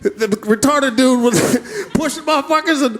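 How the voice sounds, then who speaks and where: A man performing a stand-up routine on a club stage, telling an animated, profane story and acting out voices. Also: very high voice, moderate pace. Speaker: stand-up comedian. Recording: live club audience and noise behind.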